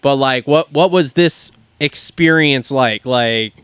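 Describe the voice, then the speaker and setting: A man's voice: mid-range voice, slow, fairly bright tone, clear, resonant tone, dry recording. A man hosting a podcast in a studio, talking bluntly and animatedly and swearing freely. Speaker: podcast host. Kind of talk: casual podcast chat.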